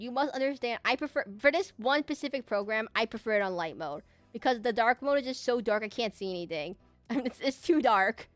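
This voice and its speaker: A woman's voice: medium pitch, dry recording. A woman VTuber streamer chatting casually with her viewers, rambling and repeating herself. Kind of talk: casual live-stream chat.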